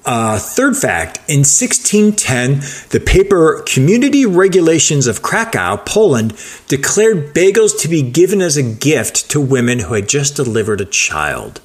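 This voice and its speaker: A man's voice: on the high side, very animated, unhurried, slightly rough. A man co-hosting a casual chat, laid-back and joking as he reads out trivia facts. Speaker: podcast co-host. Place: Los Angeles.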